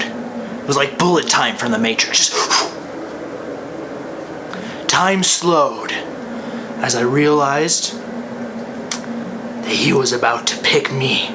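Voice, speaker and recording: A young man telling a funny personal story, jumping from excited yelps to hushed whispers. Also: mid-range voice, takes it slowly, long pauses, noisy background.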